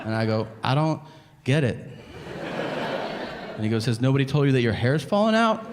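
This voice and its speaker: A man in his thirties doing a stand-up comedy routine, telling stories and acting out both sides of each conversation in an animated way. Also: mid-range voice, brisk, pauses often. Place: comedy club stage. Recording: live club set with hall reverb and audience noise. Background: audience laughter.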